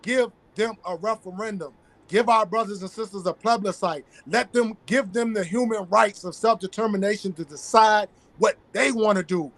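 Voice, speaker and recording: Speaking at normal speed in a high, slightly bright voice, a Southern US man appears as an activist guest. His interview delivery is emphatic, with key phrases said again and again.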